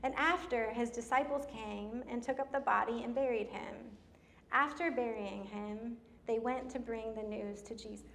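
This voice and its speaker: A middle-aged woman preaching a sermon in church, telling stories in an animated way, slowing down for emphasis. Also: fairly high pitch, a little hiss or hum. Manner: animated storytelling with laughs and slowed emphasis. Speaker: pastor.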